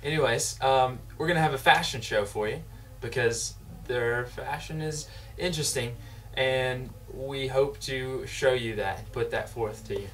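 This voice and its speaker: A wry, halting co-host lays out the show's segments at a mid pitch. He sits back from the mic, so his voice sounds distant. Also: fairly bright tone. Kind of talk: introducing a web show. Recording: voice from afar.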